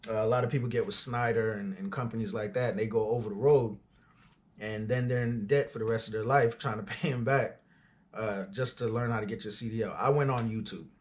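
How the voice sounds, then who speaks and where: Speaking briskly in a lowish voice with fairly even intonation, a man in his forties who runs an auto transport business tells his story. It's loose, conversational storytelling with lots of fillers and side remarks.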